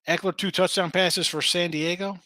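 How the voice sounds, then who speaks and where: A man hosting a sports betting show in casual chat, excitable and quick to swear, calling out viewers by name. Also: high voice, no room sound. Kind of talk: casual betting picks talk.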